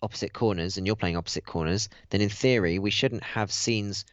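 Guy on a gaming podcast, low smooth voice, hesitant ums, dry muffled mic. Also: a little fast, a bit bright, dry recording. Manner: hesitant, lots of ums and uhs. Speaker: podcast co-host and player. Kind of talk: casual chat about a tabletop game.

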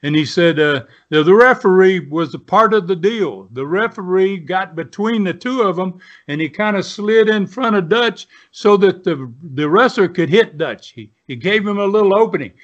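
A man's voice: high voice, animated, normal speed, hardly any pauses. A man in his seventies from the United States, telling long rambling stories in a folksy, casual way. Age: 70s. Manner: rambling, folksy, many restarts and fillers. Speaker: guest, former pro wrestler. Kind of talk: casual storytelling. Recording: dull lo-fi sound.

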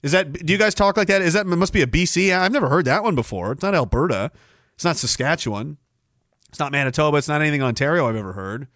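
A man's voice: fairly high pitch, animated, fast talker, a bit bright, dry recording, studio quality. Sarcastic, ranting podcast host, a man. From Canada. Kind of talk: ranting livestream commentary.

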